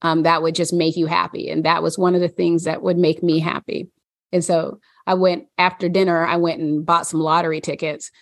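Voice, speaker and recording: A woman's voice: on the low side, little pitch movement, a little fast, no echo, studio quality. A woman podcast co-host chatting casually, rambling with many fillers and frequent laughs. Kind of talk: casual chat.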